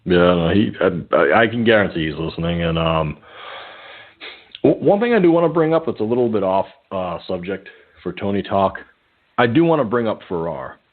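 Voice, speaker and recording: A man with a husky voice and lively, swinging pitch co-hosts a talk show, talking in a profane and animated way. His voice comes through thin and tinny, like a phone call. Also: moderate pace. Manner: profane, animated, self-mocking troll. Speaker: podcast co-host. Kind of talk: casual chat. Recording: tinny phone-line audio.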